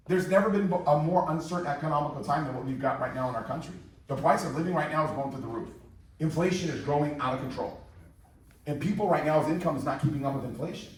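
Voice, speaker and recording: Man in his fifties, rapid rallying sales pitch, raised voice, booming hall, distant mic. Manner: energetic, repetitive, rallying the crowd. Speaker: company presenter. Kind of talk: motivational sales presentation. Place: large room with a live audience. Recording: very echoey hall, mic far off.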